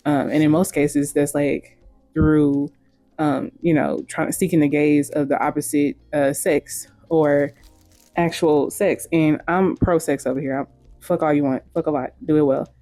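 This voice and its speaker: A woman host gives opinionated commentary in a mellow, dark-toned voice. She talks bluntly and frankly and swears casually. The recording sounds dry, with faint music underneath. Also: deep voice, fairly even intonation, measured pace, no room sound.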